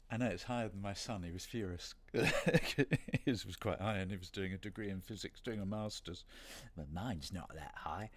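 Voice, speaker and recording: A man's voice: deep voice, slightly rough. A middle-aged man from Britain chatting casually on a livestream signing session, rambling and self-deprecating with playful asides. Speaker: voice actor hosting a signing stream.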